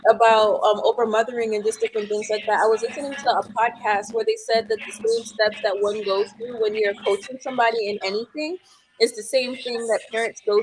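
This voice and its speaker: A woman's voice: a little high, slight background noise, poor audio. A woman guest on a live chat, explaining an idea in a thoughtful, conversational way.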